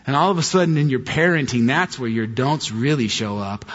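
A middle-aged man preaching a sermon as a pastor, telling a story in a lively way and mimicking high-pitched voices in his quotes. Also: brisk, few pauses. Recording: dull audio with long hall reverb.

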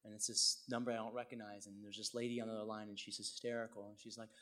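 Dramatic preacher, hushed to shouting. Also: male voice, lowish voice, flat delivery, fast talker, few pauses. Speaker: pastor. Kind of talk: sermon storytelling.

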